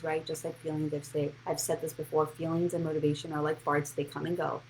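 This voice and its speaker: A woman's voice: low-pitched, level tone, a little fast, hardly any pauses, slight background noise, rough recording. A woman hosting a live-streamed motivational money talk, speaking bluntly and encouragingly and answering viewers' comments by name. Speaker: financial coach and show host.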